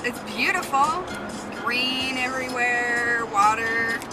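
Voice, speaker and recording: A woman from Alabama chatting casually in a car, relaxed and laughing easily. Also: fairly high pitch, slow, loud music behind the voice, poor audio.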